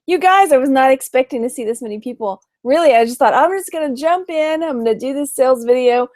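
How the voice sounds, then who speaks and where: A woman's voice: high voice, animated, fast talker, darkish tone, no echo, clean studio sound. A woman with a Texan accent chatting casually on a late-night live stream, tired and greeting viewers by name as she goes. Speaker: online reseller doing a live stream.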